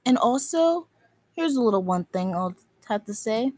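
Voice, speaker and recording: Here a woman with a fairly high, mellow voice speaks at a moderate pace in an animated way. She is furious at other video makers, scolding and insulting them while repeating herself.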